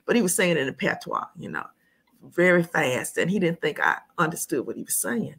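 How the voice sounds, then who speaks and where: Husky, gravelly American woman telling stories. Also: lowish voice, a little fast. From United States. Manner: animated storyteller, laughs often. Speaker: guest. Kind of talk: casual conversation, storytelling.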